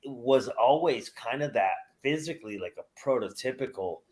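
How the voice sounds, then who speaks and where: A man hosting a podcast, chatting casually, with frequent pauses and fillers. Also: mid-range voice, lively intonation, darkish tone. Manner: unhurried, halting with fillers. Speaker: podcast host. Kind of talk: casual chat.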